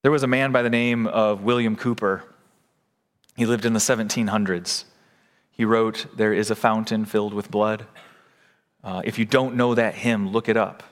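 A man's voice: fairly low pitch, fairly even intonation, normal speed. Earnest male pastor preaching in a hall. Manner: earnest preaching, asks the congregation questions. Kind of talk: sermon. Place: church sanctuary.

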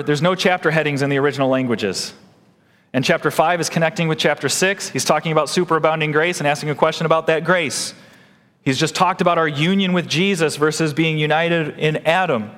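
Male pastor, emphatic sermon delivery, slightly high voice, big reverberant room. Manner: animated, emphatic preaching with wide pitch swings.

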